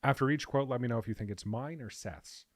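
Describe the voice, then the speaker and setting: A man co-hosting a casual podcast chat, explaining at length and reading quotes aloud slowly. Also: mid-range voice, no room sound, clean studio sound. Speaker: podcast co-host. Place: podcast recording room.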